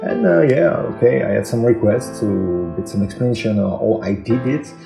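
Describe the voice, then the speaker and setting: A man with a French accent, a non-native speaker, walks through a software tutorial, hesitant and full of fillers, recorded on a phone microphone. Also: moderate pace, creaky. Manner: hesitant, many fillers, talks through steps. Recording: echoey room, low-quality phone mic, soft music.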